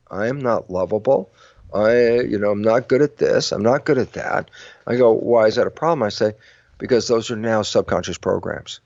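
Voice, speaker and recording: An older man with a gravelly, mid-pitched voice talks through his ideas as an interview guest. He acts out both sides of imagined dialogues as he goes. The audio is dry and slightly muffled. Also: no echo. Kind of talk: animated interview talk.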